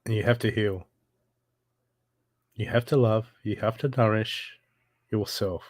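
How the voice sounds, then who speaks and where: A spiritual reader delivers a live intuitive reading, blunt and urgent, swearing freely as he pushes the listener to heal. His voice is on the low side, steady and measured with a darkish tone, recorded in studio quality with no room sound.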